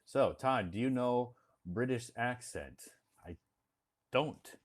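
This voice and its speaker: A man from the United States hosting a casual live stream, speaking slowly and patiently and repeating words for learners. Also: medium pitch. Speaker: live stream host and English teacher. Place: home in Beijing.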